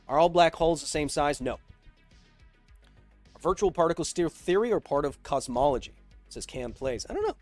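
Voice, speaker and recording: A man hosting a casual science livestream, reading viewer questions aloud and answering them with jokes, slowing down for dramatic emphasis. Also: a little high, dry recording, faint music behind. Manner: energetic, joking, shifts between slow dramatic emphasis and quick asides.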